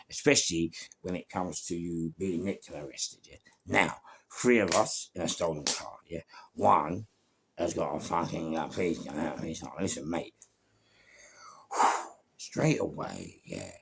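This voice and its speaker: A low, gravelly London man spins a crime story in a loose, casual monologue, acting out the voices of people in it. His voice is slightly husky and he swears freely as he talks. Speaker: storyteller recounting crime stories.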